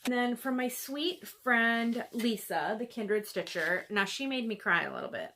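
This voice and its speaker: A woman hosting a cross-stitch video, chatting casually and gushing over gifts, with lots of fillers and soft asides. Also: on the high side, expressive, measured pace, slight background noise. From American Midwest. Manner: gushing, chatty, many fillers, drops to near-whispers. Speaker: Flosstube host showing gifts. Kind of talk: casual chat to camera.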